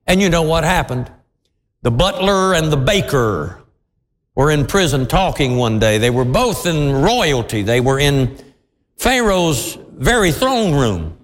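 A man pastor preaching a sermon with dramatic, animated storytelling. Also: a little high, a little slow. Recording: long reverb of a large hall.

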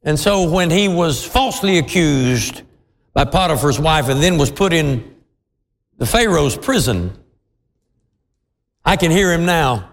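A man pastor preaching a sermon with dramatic, animated storytelling. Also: on the high side, a little slow, creaky, long pauses. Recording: long reverb of a large hall.

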